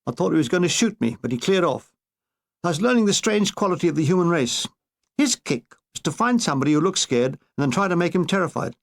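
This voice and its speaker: A man's voice: on the high side, very animated, fast talker, gravelly. Wry male audiobook narrator. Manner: dry, wry storytelling. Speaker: author narrating his memoir.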